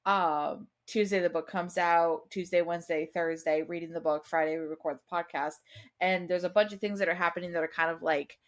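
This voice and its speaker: Young mom podcaster, chatty storyteller. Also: female voice, on the low side, steady tone, fairly quick. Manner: storytelling, exasperated asides. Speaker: podcast co-host. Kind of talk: casual chat.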